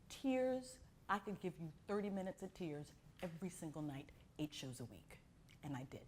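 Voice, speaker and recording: A woman's voice: lowish voice, normal speed, a little hiss or hum. A middle-aged woman from Miami teaching an acting class, telling stories and acting out the voices of the people in them. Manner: expressive storyteller who acts out quotes. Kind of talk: animated class talk with acted-out anecdotes.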